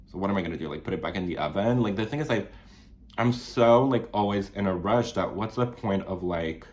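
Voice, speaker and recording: Low-voiced French Canadian man rambling. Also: a little fast, a little mellow. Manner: rambling, many fillers and restarts, sudden jumps up in pitch. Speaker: vlogger. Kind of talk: casual chat while doing makeup. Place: small studio apartment.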